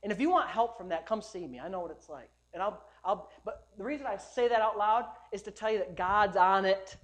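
A male pastor preaching a sermon at a church service, emphatic and repetitive, building up to loud declarations. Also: high-pitched, animated, fairly quick.

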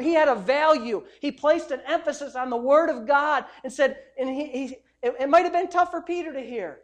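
Man, pastor, sermon, emphatic, conversational, loud and soft by turns. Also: very high voice. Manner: emphatic, conversational preaching with swings in loudness.

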